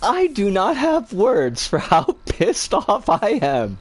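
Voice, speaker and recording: A middle-aged streamer responds to viewers during a livestream, ranting in an exasperated, profane way punctuated by frequent sighs and laughs. The voice is medium-pitched and slightly rough, with huge pitch swings and an unhurried pace.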